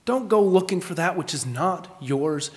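A man's voice: high voice, lively intonation, measured pace. Earnest preacher man in a reverberant hall. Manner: earnest, emphatic preaching with swells of volume. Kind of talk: sermon.

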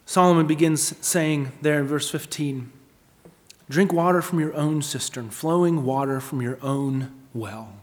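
A man's voice: fairly high pitch, a little slow. Earnest preacher man in a reverberant hall. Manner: earnest, emphatic preaching with swells of volume. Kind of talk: sermon.

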